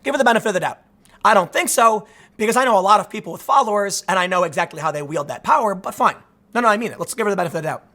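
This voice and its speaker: A man in his thirties delivers an off-the-cuff commentary monologue in a noticeably high voice. He talks casually and sarcastically, often restarting sentences and wandering into asides. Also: expressive, rapid-fire, pushed and bright. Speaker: political commentary host.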